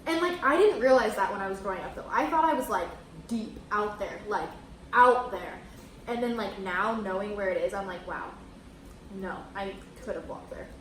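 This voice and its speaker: A woman's voice: mid-range voice, normal speed, fairly bright tone. A young woman chats casually while eating on camera, her stories loose and full of fillers. The room around her rings with a noticeable echo. A faint hiss sits underneath. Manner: chatty, filler-heavy storytelling with laughs. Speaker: host. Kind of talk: casual mukbang chat. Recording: echoey room with faint noise.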